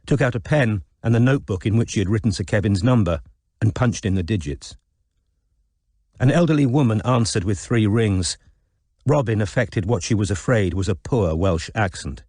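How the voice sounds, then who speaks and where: Expressive male audiobook narrator. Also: lowish voice, moderate pace, dry recording, clean studio sound. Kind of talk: scripted narration.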